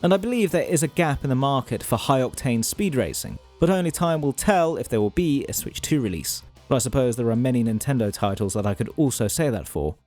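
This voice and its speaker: Lively-pitched man narrating with wry asides. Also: brisk, hardly any pauses, faint music behind. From Europe. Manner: wry, self-deprecating asides. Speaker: video essay host. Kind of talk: scripted narration.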